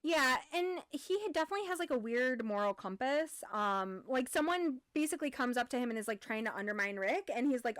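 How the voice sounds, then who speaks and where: A woman talks in a bright, fairly high voice, excited and profane as she retells scenes. The sound is dry and close, with no room around it. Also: a little fast, few pauses, no room sound. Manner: animated, swears freely, acts out quotes. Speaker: podcast co-host. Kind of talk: casual chat.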